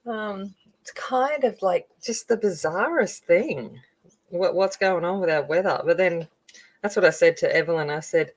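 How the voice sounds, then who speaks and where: A woman's voice: on the low side, moderate pace, low-quality recording. Chatty Australian woman greeting live viewers. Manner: chatty, greets viewers by name, rambling asides. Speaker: coloring channel host. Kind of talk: casual live-stream chat while coloring.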